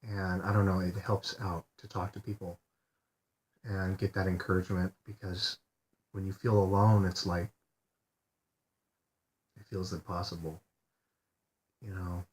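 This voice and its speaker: Quiet depressed man, halting and low. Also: little pitch movement. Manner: quiet, halting, repeats himself and swears often. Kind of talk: personal video diary. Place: lying in bed.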